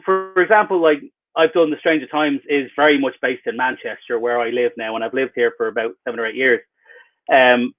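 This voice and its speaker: Guy chatting about his books, kinda rambly and wry, pokes fun at himself, slightly high voice, sounds like a tinny phone line. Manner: rambling, wry and self-mocking. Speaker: author being interviewed. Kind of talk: casual interview answers.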